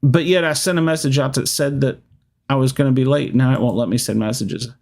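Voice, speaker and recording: A man's voice: medium pitch, brisk, creaky, a little mellow. A man hosting a casual live-streamed podcast, rambling and laughing often between thoughts. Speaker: podcast host.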